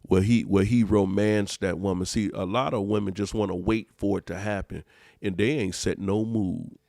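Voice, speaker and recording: A man's voice: on the low side, fairly even intonation, normal speed, gravelly, warm tone, no echo, clean studio sound. A man, a pastor hosting a podcast, preaching emphatically in casual talk and repeating his phrases.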